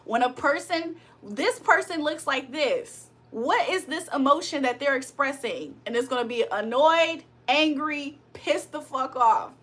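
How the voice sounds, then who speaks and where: A woman with a high, bright voice chats on a livestream. She hosts spiritual card readings but talks bluntly, swears freely and vents her annoyance at her audience. Her delivery is loose and unscripted. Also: animated, measured pace, hardly any pauses. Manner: blunt, profane, annoyed venting with frequent laughs. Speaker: spiritual reader and livestream host. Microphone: streaming setup.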